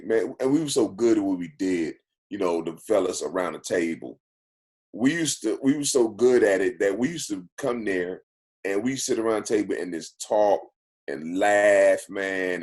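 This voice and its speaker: A man from Texas, a guest on a podcast, telling stories casually in an animated way, repeating phrases for emphasis. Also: deep voice, moderate pace. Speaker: podcast guest, actor and former football player. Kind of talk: casual storytelling.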